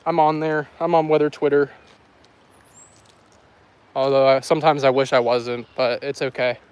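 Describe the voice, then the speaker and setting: A man's voice: mid-range voice, level tone, moderate pace, clean tone. A man hosting a casual weather livestream outdoors, rambling and joking with his chat while filming on a handheld phone. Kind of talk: casual live-stream chat while walking. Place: outdoors by a road in the countryside.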